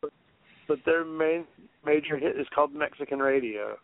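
A man's voice: a little high, normal speed, no echo. A man co-hosting an album review show, casually introducing tracks in a laid-back way. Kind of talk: casual radio banter. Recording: tinny phone-like dry sound.

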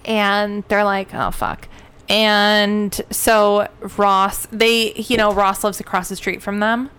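Young woman co-host: bright, smooth voice, animated and profane storyteller. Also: medium pitch, slow. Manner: animated storyteller, swears freely, mimics sounds. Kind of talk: casual chat.

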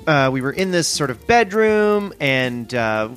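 Man, earnest rambling comic delivery, slightly high voice, faint music. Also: a little slow. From Canada. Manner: earnest, easily impressed, lively reactions. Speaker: comedy podcast co-host. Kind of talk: improvised comedy chat.

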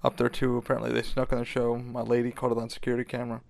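A man's voice: mid-range voice, completely flat delivery, racing, gravelly, no echo. A man hosting a podcast in loose, rambling casual chat, swearing freely and filling gaps with ums and restarts. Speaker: podcast host.

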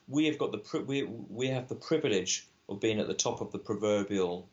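A man's voice: lowish voice, animated, a little fast, highs cut off, noisy background. A man, a film director guest, arguing animatedly in casual conversation and often restarting his sentences.

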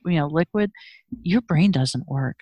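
A woman with a slightly low voice recounts her life frankly, moving between raw emotion and wry humor. The sound is dry and close, with no room around it. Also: animated, measured pace, mellow, no room sound. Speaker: interview guest. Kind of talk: personal storytelling in conversation.

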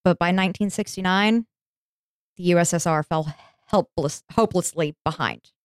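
A woman's voice: fairly low pitch, moderate pace, no room sound, studio quality. A woman hosting an educational podcast, narrating history casually with jokey asides and easy laughs. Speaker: podcast host.

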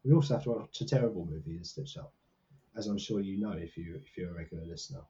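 A man's voice: low-pitched, fast talker, warm tone, lo-fi sound. A man co-hosting a podcast in casual, jokey, self-mocking chat from a small hot room. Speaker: podcast co-host.

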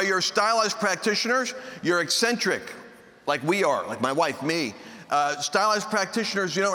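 A man's voice: high-pitched, sharp tone. A man preaching a sermon to a live audience, telling jokes and acting out the voices in his stories. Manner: joking storyteller who acts out quoted voices. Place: large meeting hall with a live audience. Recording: long hall reverb, faint background noise.

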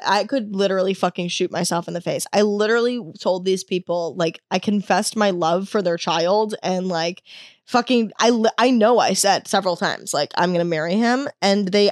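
A woman's voice: mid-range voice, dry recording, studio quality. A young woman in her twenties telling a confessional story, candid and self-mocking, swearing freely. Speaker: wellness vlogger.

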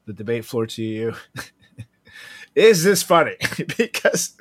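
A man's voice: medium pitch, very animated, slow pace, no room sound. A man co-hosting a podcast, chatting casually, laughing often and swearing freely. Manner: giggly, laughs often while talking. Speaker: podcast co-host. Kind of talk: casual chat.

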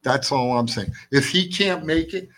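A man with a raspy, husky voice talks bluntly as a podcast co-host. He states his opinions flatly and repeats his point for emphasis. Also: fairly high pitch, normal speed, poor audio. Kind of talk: casual wrestling chat.

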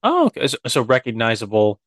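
A man's voice: mid-range voice, wildly swooping pitch, fairly quick, a bit bright, no room sound. A young man co-hosting a casual podcast, asking questions and teasing his friend. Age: young adult. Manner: teasing, jokey interjections. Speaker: podcast co-host. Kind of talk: casual chat.

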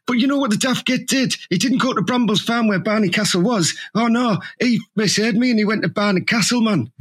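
A man's voice: high-pitched, a little fast, a bit bright, slightly rough. A man, rambling through comic stories in improvised banter, full of "aye, man" and "you know what I mean".

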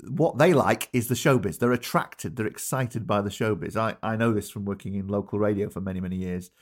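A man interviewing a guest in relaxed conversation, drawing on his own radio work. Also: on the low side, a little fast. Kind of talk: casual chat.

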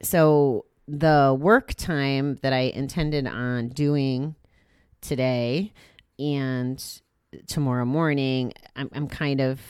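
A woman's voice: a bass voice, fairly even intonation, slow pace, a little mellow, smooth, no echo, studio quality. A tired, chatty woman hosting a live podcast, rambling through apologetic asides to her listeners. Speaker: podcast host. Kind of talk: casual live chat to listeners.

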